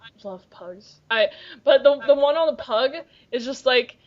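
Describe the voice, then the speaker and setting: A young woman co-hosts a podcast, her voice sitting high and a little slow as she rambles and giggles through stories in casual chat. Crowd noise runs underneath, and the audio is lo-fi and muffled.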